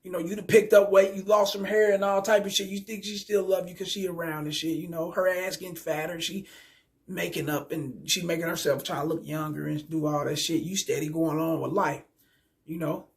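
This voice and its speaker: A young man rants to his viewers in a high voice. His talk is loose and streetwise, heavy with profanity and full of stumbling restarts. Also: fairly even intonation, brisk, vocal fry. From Kansas City, Missouri. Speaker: vlogger. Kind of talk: casual storytelling rant.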